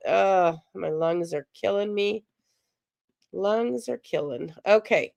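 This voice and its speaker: A woman's voice: medium pitch, slow, gravelly, a little mellow, dry recording, clean studio sound. A woman hosting a casual live stream, chatty and sympathetic as she answers viewer chat aloud. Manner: emotional, sympathetic. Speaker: livestream host.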